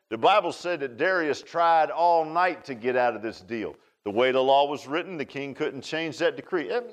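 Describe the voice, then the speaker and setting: A man preaches in a folksy, storytelling way. His voice sits a little high for a man, and he jumps between loud exclaims and quiet asides. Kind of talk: sermon.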